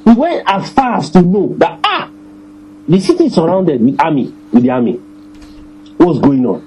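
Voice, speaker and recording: A man preaching a sermon, his voice mellow and fairly high for a man. He swings his pitch widely, repeating phrases and slowing right down to stress the verses. A faint hum sits underneath. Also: big pitch swings, rough recording. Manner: emphatic preaching, repeats phrases, slows on scripture.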